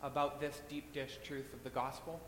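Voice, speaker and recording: A man's voice: little pitch movement, normal speed, a bit bright. A man preaching a sermon in a church, earnest and repeating phrases for weight. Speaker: pastor. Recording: echoey church hall, faint rumble.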